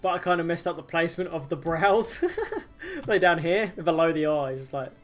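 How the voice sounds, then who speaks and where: A man's voice: fairly high pitch, normal speed, faint music behind. A young man chatting casually on a game livestream, self-mocking and joking, often breaking into laughs. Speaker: streamer.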